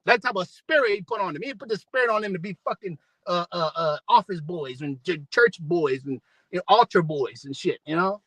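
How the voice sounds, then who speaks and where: A man preaching a fiery, profane sermon in rough slang, reading scripture aloud and repeating "man" and "you know". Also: high voice, expressive, brisk, a bit bright, no room sound, low-quality recording. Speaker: street preacher.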